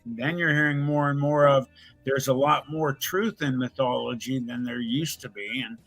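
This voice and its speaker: A man's voice: mid-range voice, fairly even intonation, normal speed, a bit bright, no echo, faint music behind. A man on a podcast panel musing agreeably about the topic at hand. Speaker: panel guest. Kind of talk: casual panel talk.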